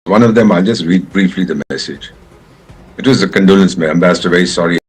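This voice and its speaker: A man's voice: low voice, fast, husky, rough recording. An older man with an Indian accent, a former ambassador speaking as a guest in a live news interview, angry and impassioned, slipping Hindi phrases into his English.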